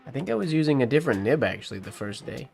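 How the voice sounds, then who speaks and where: A man's voice: mid-range voice, racing, gravelly, faint music behind. A man streaming a calligraphy session, talking casually as he thinks aloud over his work and then reading a holiday poem aloud. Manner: relaxed, thinking aloud while writing.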